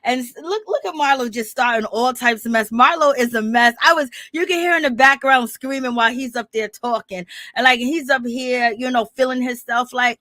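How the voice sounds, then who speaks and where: A woman's voice: high-pitched, fairly quick, hardly any pauses, sharp tone, dry recording, studio quality. A woman recapping a reality TV show in a casual, rambling, opinionated way, often laughing as she talks. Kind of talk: casual commentary.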